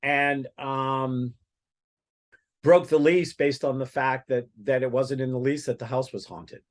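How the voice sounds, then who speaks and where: A man's voice: medium pitch, steady tone, measured pace. Rambling man telling a story. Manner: rambling, many restarts and fillers. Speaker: guest psychic medium. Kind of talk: casual storytelling.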